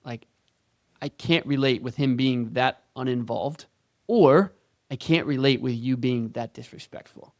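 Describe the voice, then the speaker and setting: A man's voice: medium pitch, measured pace, no room sound, clean studio sound. A man co-hosting a casual podcast, talking earnestly and casually. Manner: earnest, calls everyone dude. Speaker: podcast co-host.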